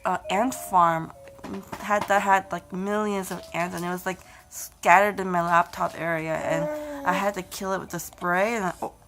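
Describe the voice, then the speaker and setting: A young woman vlogging at home on a handheld phone, chatting to her baby in a playful voice that jumps to high squeals, sounding dizzy and unwell. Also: steady tone, moderate pace, noisy background. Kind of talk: casual home vlog talking to her baby. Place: home room indoors. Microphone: handheld phone camera.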